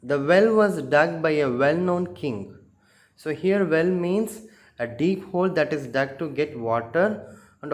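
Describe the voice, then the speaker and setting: A male school teacher with an Indian English accent, leading a slow, careful revision lesson and explaining word meanings one by one. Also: fairly high pitch.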